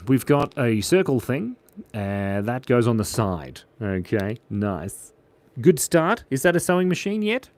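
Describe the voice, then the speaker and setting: An Australian man with a fairly high voice that leaps all over the place as he chats through a live drawing session. He jokes, muses and answers viewers on the fly. The sound is close and dry, with no room around it. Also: no echo. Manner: playful, animated, reads viewer chat aloud. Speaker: live drawing stream host. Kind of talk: live-stream chat while drawing.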